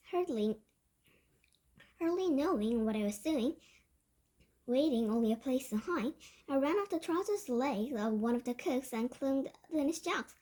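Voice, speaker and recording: A woman reading a children's novel aloud as a first-person story, lively and with occasional slips and restarts. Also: high-pitched. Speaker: book reader.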